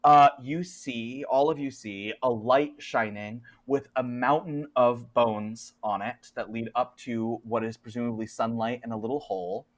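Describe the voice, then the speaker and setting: A man's voice: mid-range voice, steady tone, a little slow, few pauses. A man running a tabletop horror game as game master, narrating the scene in a chatty way with lots of fillers.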